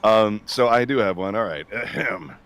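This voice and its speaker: A man's voice: lowish voice, normal speed, heavy background noise. A man on a fan panel, chatting casually and joking at his own expense. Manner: joking, self-mocking, with laughs. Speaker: voice actor on a panel.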